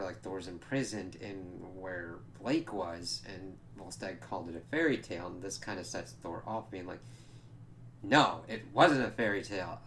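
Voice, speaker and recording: A man's voice: fairly low pitch, a bit bright, a little hiss or hum. A man casually reviewing a comic book, rambling a little as he retells the plot.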